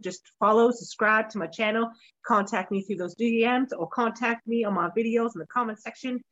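A woman hosting a podcast in a loose, joking manner, quick to laugh and tease her guest. Her voice sits a little high for a woman, and she keeps the chat casual and playful throughout. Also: a bit bright, highs cut off. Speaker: podcast host.

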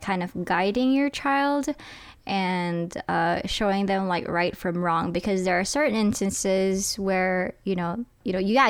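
A woman's voice: mid-range voice, smooth. A woman talking about her parenting in casual chat, earnest and reflective, with frequent fillers. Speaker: parent guest.

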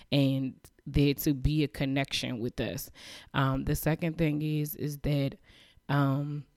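A woman in her thirties hosting a podcast, talking earnestly and emotionally, with halting restarts and repeated phrases. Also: very deep voice, a little mellow, no echo, clean studio sound. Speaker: podcast host. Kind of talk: heartfelt faith-based podcast monologue.

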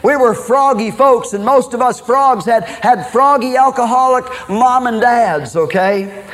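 Man preaching a testimony, high-pitched voice, folksy and dramatic, from Minnesota. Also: measured pace, a bit bright. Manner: folksy, dramatic, peppers talk with "man" and "okay". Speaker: preacher giving his testimony. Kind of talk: sermon testimony.

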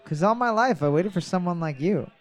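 A man runs a bar trivia night on a handheld mic, calling out questions and answers. His voice sits high for a man, and he jokes, laughs a lot and swears offhandedly. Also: lively intonation, brisk. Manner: joking, laughs often, swears casually. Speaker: music trivia host. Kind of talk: casual bar quiz hosting.

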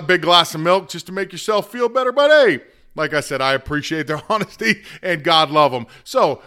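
A man hosts a loose, casual monologue, wandering between thoughts and laughing at his own expense. His voice sits a little high and comes through bright and forceful. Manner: rambling, self-deprecating humor, laughs easily. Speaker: show host.

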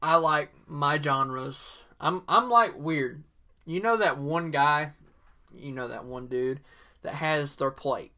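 A man's voice: a little high, slow pace, bright, forceful tone. A man with a Southern accent hosting a solo podcast, rambling casually with lots of fillers and opinions. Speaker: podcast host.

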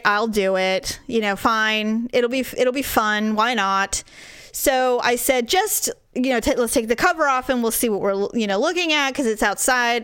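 A middle-aged woman with a smooth, fairly high voice chats through a story. She tells it with animated, profane energy and acts out the lines of the people in it. The sound is dry and close. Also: no room sound. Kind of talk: casual chat.

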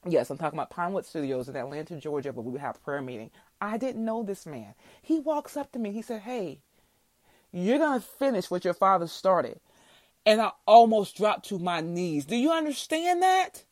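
A woman's voice: lowish voice, very animated, moderate pace, a little mellow, dry recording. Emotional woman preaching on a podcast. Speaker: podcast host. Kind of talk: faith podcast teaching.

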